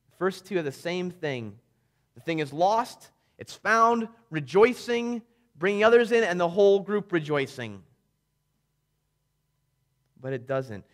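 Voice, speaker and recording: A man preaching a sermon, retelling a story vividly and swinging between loud emphasis and hushed tones. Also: high voice, very animated, measured pace, long pauses.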